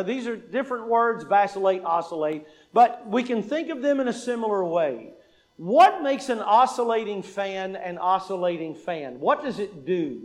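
A man with a high voice delivers a sermon and puts question after question to the congregation before answering them himself. He leans on repetition to drive a point home and acts out the dialogue in his stories. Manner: repeats lines for emphasis; acts out quoted dialogue in an anecdote. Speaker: preacher.

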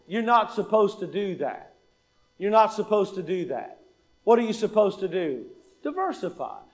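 High-voiced man preaching a sermon. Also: very animated, moderate pace. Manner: asks the congregation questions and answers them; repeats lines for emphasis.

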